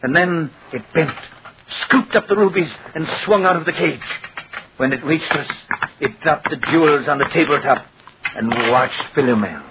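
A man's voice: fairly high pitch, moderate pace, natural voice. A man playing a scheming dollmaker giving testimony. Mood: telling. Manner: dramatic storytelling testimony. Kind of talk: old-time radio drama. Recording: hissy lo-fi old radio recording.

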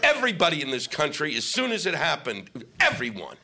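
Middle-aged male stand-up, profane exasperated rant, high lively voice, live-mic noise behind. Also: a little fast, creaky. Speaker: stand-up comedian. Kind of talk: stand-up comedy set. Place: stage before an audience.

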